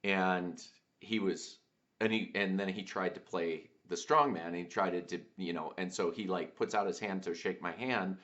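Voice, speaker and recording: A very low-pitched man, hosting his own show, tells a personal story in a reflective, searching way. He halts often, fills gaps with fillers and starts his sentences over. The recording sounds dull and lo-fi. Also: fairly even intonation, fairly bright tone. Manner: halting, many fillers and restarts. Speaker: podcast host.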